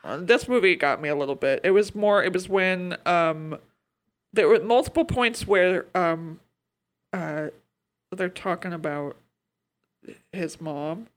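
A woman's voice: on the low side, measured pace, long pauses. Woman retelling a movie in casual chat. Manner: retells movie scenes with acted-out quotes. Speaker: podcast co-host.

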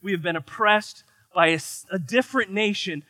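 Male pastor from the United States, high, bright voice, animated and joking, dry close sound. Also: moderate pace, no echo. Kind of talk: sermon.

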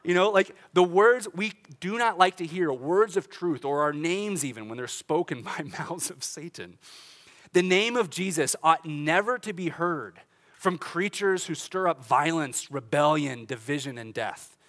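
Animated man preaching a sermon. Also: a little high, measured pace. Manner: conversational, animated, with laughs and restarts. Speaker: pastor. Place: church sanctuary.

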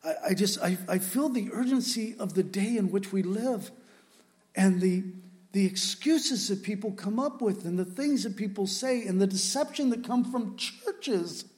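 High-voiced, impassioned male preacher. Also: a little mellow. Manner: earnest and impassioned, with halting restarts. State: emotional. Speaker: pastor. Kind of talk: sermon.

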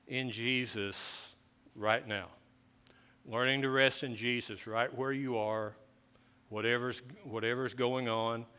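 A man's voice: medium pitch, bright, forceful tone, clean tone. A man preaching a conversational sermon, often restarting his phrases as he explains the scripture. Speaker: pastor.

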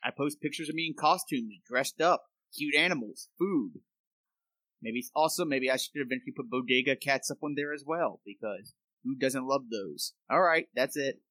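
A man playing a tabletop game, talking in an earnest, measured way. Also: mid-range voice, sharp tone, no room sound, poor audio. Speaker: player. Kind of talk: casual tabletop game chat.

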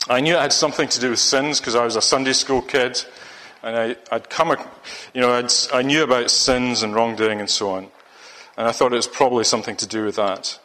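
A man's voice: mid-range voice, steady tone, brisk, a bit bright, big-room sound. A man preaching a sermon, rambling and restarting his sentences often. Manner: rambling, with many restarts and fillers.

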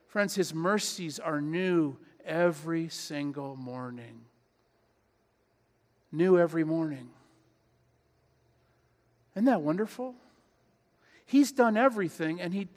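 A man's voice: a little high, slow, pauses often, a little mellow. A pastor preaching a sermon in his church, earnest and emphatic, repeating key phrases. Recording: long hall reverb.

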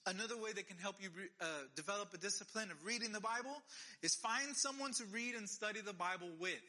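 A man with a high, very bright voice preaches in a casual, conversational way. He presses his points with emphatic repeated phrases. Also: quick pace. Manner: conversational, emphatic repetitions, animated. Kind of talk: casual sermon.

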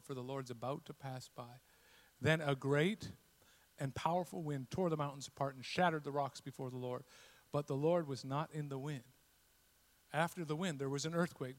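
A man preaching a sermon, telling a scripture story and building to loud, passionate repetition. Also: a little high. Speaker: pastor.

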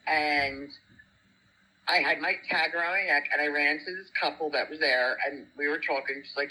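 A woman, a guest telling a story in animated, chatty talk. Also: low voice, normal speed, husky, poor audio. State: single parent. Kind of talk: casual storytelling chat.

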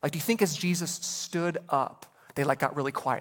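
A man preaching a sermon as pastor, animated, acting out voices in the story with quick asides. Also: fairly high pitch.

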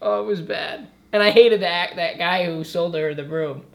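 A man's voice: sits high, normal speed, gravelly. A man co-hosting a casual movie-review podcast, cracking blunt, sarcastic jokes. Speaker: podcast co-host.

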